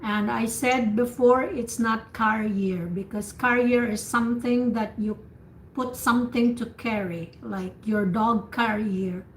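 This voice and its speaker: A woman tutor leading an online speaking practice class, patiently repeating words slowly to model pronunciation over a video call. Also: fairly high pitch, fairly even intonation. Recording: echoey room with faint noise, video call.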